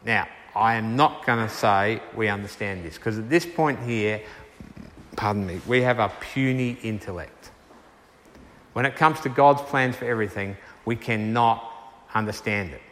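A man preaching a sermon and taking questions, earnest and unhurried, slowing down to stress key words. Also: fairly low pitch, fairly bright tone. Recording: reverberant hall.

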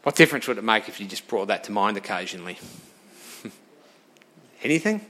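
Bright-voiced male preacher, animated sermon. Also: fairly low pitch, fairly quick. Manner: animated, talks straight to the congregation with questions; shifts between loud emphasis and quiet asides.

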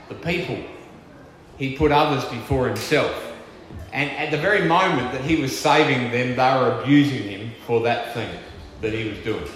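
A man preaching a sermon with earnest, emphatic delivery, slowing down to stress key words. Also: mid-range voice, a bit bright, a little hiss or hum. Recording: echoey church hall with long reverb.

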